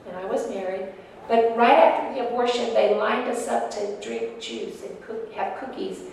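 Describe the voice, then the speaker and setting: With a slightly high, creaky voice, a woman shares her personal testimony with an audience in an earnest, emotional way. The sound comes from a distance in an echoey hall, with a bit of faint noise.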